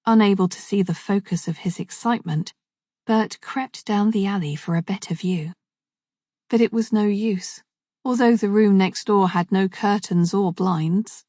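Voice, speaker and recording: A woman with a lowish voice reading a crime story in an even, measured way. The recording is dry and close, with no room sound. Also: no room sound. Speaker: narrator. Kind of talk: scripted narration.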